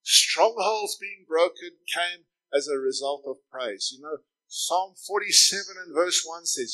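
Bright-voiced man preaching a sermon. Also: a little high, expressive, measured pace, few pauses, rough recording. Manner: storytelling, building to loud emphatic proclamations. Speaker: pastor. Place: church service.

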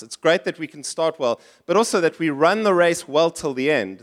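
A middle-aged man, preaching a sermon in church in a conversational style, often restarting and going off on asides. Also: fairly high pitch. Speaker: pastor.

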